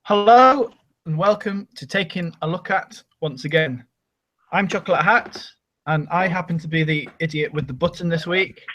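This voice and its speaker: A man's voice: on the high side, moderate pace, fairly bright tone, low-quality recording. A man hosting a casual online group chat, chatty and self-mocking, with plenty of ums and laughs. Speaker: podcast host.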